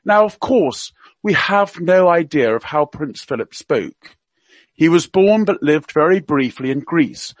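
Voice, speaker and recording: A man's voice: on the high side, no echo. A man with a slight received pronunciation accent reading a wry, scripted humorous piece as a radio guest. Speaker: guest commentator. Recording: dull, dry lo-fi sound.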